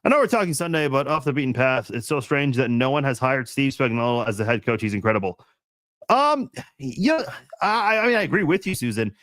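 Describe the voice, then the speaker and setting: A man's voice: medium pitch, big pitch swings, brisk, a bit bright, dry recording. A man hosting a casual live-stream chat, reading viewers' comments in a rambling, laid-back way with frequent laughs, fillers and restarts.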